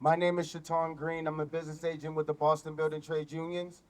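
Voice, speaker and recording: A union man speaks at an outdoor rally in a high, clear voice. He delivers prepared lines firmly and in declarative sentences. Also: level tone. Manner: firm, declarative, measured. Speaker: union business agent.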